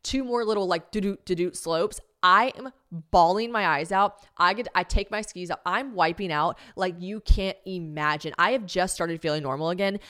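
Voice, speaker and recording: A woman hosting a podcast, telling a story in a casual, animated and dramatic way, speaking straight to her listeners with many fillers and restarts. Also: fairly low pitch, normal speed. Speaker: podcast host.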